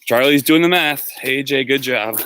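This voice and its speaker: A man's voice: medium pitch, normal speed, pushed and bright. A man casually chatting with viewers while walking outdoors, rambling from topic to topic and answering them by name. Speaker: livestream host and musician. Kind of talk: casual chat on a walk. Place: outdoors, walking through a neighborhood. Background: faint street noise, dogs barking in the distance.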